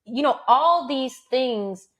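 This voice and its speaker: A woman co-hosting a podcast in casual chat, telling lively stories about raising her kids and acting out what people said. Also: high-pitched, slow. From single mother of several children. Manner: animated storyteller, acts out quotes. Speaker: podcast co-host.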